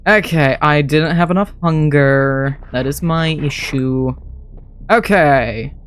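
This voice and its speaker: A man with a fairly high voice streams a modded game and talks to himself the whole time. His commentary is casual and chatty, and he thinks aloud as he plays. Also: takes it slowly, fairly bright tone, a little hiss or hum.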